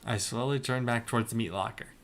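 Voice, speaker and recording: A man's voice: medium pitch, fast, fairly bright tone, a little hiss or hum. A young man hosting a video, reading fan fiction aloud in a dry comedic style with sarcastic asides. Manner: dry, breaks into laughter and asides. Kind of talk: comedic dramatic reading with commentary.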